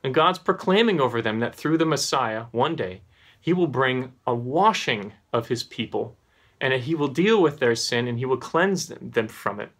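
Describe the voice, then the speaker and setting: A man preaching a sermon, explaining in a teaching tone and swinging his pitch up and down for emphasis. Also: expressive, normal speed, a bit bright.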